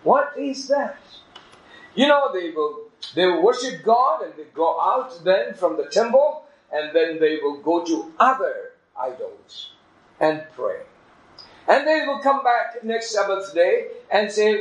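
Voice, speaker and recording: An earnest male preacher delivering a sermon slowly and deliberately, with emphatic storytelling. His somewhat raised voice rings out in an echoing room. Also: high-pitched, big pitch swings.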